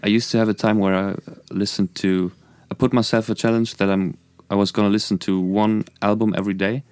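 Man, German accent, podcast guest, earnest, reflective, smooth, dry sound. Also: lowish voice, level tone, brisk, darkish tone, dry recording. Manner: earnest, reflective, many restarts. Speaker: musician and producer guest. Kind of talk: casual podcast chat.

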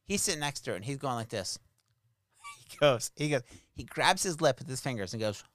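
A man's voice: mid-range voice, big pitch swings, normal speed, a bit bright. A man hosting a podcast, telling a story in casual chat, swearing and laughing as he goes. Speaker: podcast host.

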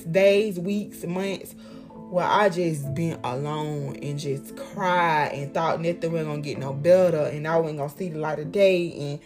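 A young woman giving life advice in a casual motivational monologue, heartfelt and emphatic, repeating lines for effect, with slangy, profane talk. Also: lowish voice.

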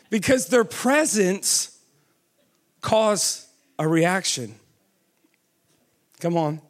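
A man preaching a sermon who keeps asking the audience questions and urging them on with "come on", his pace swinging between quick runs and slow, drawn-out words. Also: sits high, animated.

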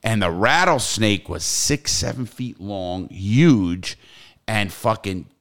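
A man's voice: lowish voice, expressive, slow, a bit bright. Rambling, cursing older New man. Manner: rambling storyteller, swears freely, many restarts. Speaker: podcast host. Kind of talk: casual podcast chat.

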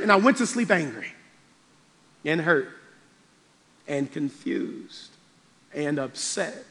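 A man with a high voice preaches a passionate sermon, one moment loud and driving, the next hushed and low. His voice rings out with a long reverb that trails behind every phrase. The delivery is personal and intense. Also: animated, slow, long pauses. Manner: impassioned, swings between loud and quiet. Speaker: pastor. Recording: long reverb of a large hall.

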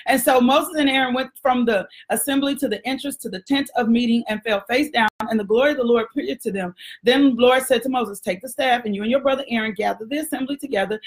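A woman's voice: a little high, steady tone, fast, few pauses. A woman preacher praying fervently and then preaching, repeating phrases and speaking casually to her listeners between scripture readings. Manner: fervent, repetitive, calls out to listeners. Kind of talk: sermon with prayer.

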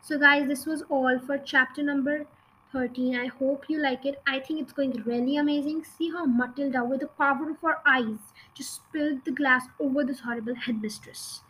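High-voiced woman reading a children's book. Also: steady tone, normal speed, bright, forceful tone, slight background noise, low-quality recording. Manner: reads with occasional slips and restarts. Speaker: audiobook reader. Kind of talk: reading a children's novel aloud.

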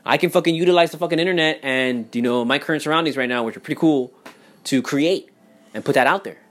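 A young man in a heated, profane, casual rant. He repeats himself and swings between loud outbursts and muttering. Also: on the high side, quick pace. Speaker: vlogger. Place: home in Miami.

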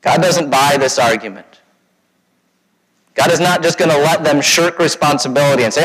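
A pastor with a mid-range, slightly bright voice gives a conversational sermon at a moderate pace, with long pauses. He often asks his congregation questions and acts out quoted voices, and the recording carries a long hall reverb.

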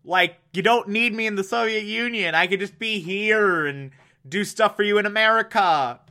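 A man's voice: sits high, normal speed, pushed and bright. A man voicing a desperate captive scientist. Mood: pleading. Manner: pleading, breaking into accusation. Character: desperate middle-aged male captive scientist begging.

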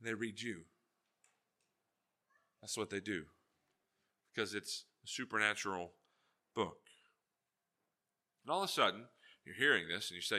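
A male pastor preaching a sermon, telling jokey stories and swinging between loud asides and hushed, earnest points. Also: on the low side, moderate pace, long pauses.

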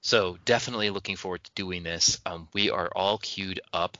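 Deep-voiced guy, punchy bright tone, chatty podcast host, dry dull mic. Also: a little fast, dry recording. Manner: chatty, upbeat, loose reaction commentary. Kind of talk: casual chat.

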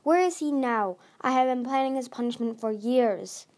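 A woman's voice: a little high, moderate pace, a little mellow, natural voice. A woman reading aloud, voicing a regal, emotional sea dragon queen who dotes on her daughters and threatens her enemies. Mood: menacing. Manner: gushing, doting, then menacing.

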